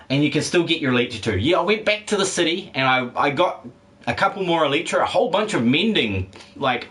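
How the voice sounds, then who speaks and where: A mid-range, slightly bright male voice belongs to a livestreaming gamer who reads chat and rambles casually with a condescending edge. He's laid-back, laughs often, and swears freely.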